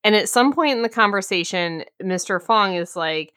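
A woman's voice: medium pitch, animated, moderate pace, hardly any pauses, fairly bright tone. A woman co-hosting a casual book chat, summing up the plot with a wry, dry humor. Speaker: podcast co-host.

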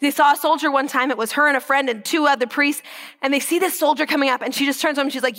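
A woman with a high voice gives an inspirational Catholic talk and tells the stories with lively energy. She drops into a hushed whisper for emphasis and slows right down on the words that matter. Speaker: Catholic speaker.

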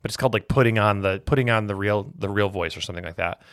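A man co-hosting a podcast in casual chat, chatty and digressive, quick to laugh. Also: lowish voice, a bit bright, no room sound, clean studio sound. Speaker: podcast co-host.

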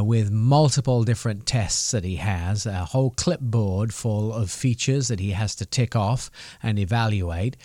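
A man's voice: lowish voice, mellow, dry recording, clean studio sound. A man hosting a car podcast, with upbeat promos and teasing banter with his co-host. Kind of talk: casual radio show hosting.

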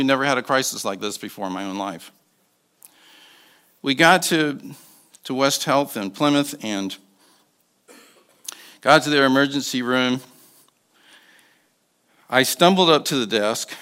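A man in his sixties preaching as a guest speaker, telling a personal story with soft asides and emphatic bursts. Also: mid-range voice. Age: 60s. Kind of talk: sermon.

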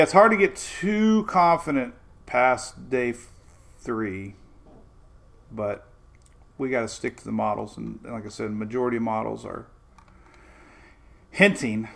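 An older man hosts a casual weather stream, his gravelly, creaky voice pitched in the middle range. He rambles loosely through the forecasts and drifts into homey asides between them.

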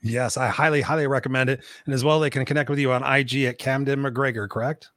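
A man's voice: medium pitch, fairly even intonation, fast talker, fairly bright tone, no echo. A man hosting a live motivational talk show, speaking emphatically to his audience and swearing casually. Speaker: podcast host.

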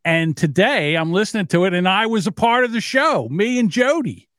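A man with a South Jersey accent, co-hosting a casual podcast chat, halting and stumbling over words. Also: high voice, animated, a bit bright, no echo, clean studio sound. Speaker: podcast co-host.

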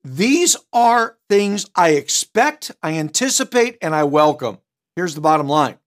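A man's voice: a little high, very animated, measured pace, fairly bright tone. A middle-aged man teaching a sales training session, direct and emphatic, with punchy asides. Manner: switches tone to act out customers. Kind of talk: recorded training seminar.

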